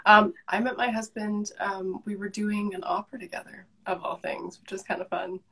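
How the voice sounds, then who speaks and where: A young woman from Canada, talking fast and eagerly as a guest on a live video call. Her voice is husky and a little breathy. She sits at a middle pitch and rarely lets a pause sit. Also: steady tone, pushed and bright. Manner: chatty, enthusiastic. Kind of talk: casual chat.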